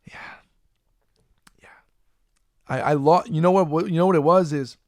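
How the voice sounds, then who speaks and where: Animated, foul-mouthed podcast host, higher-pitched man. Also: moderate pace, no room sound, clean studio sound. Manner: animated, profane, loose storyteller. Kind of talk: casual storytelling chat. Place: Florida.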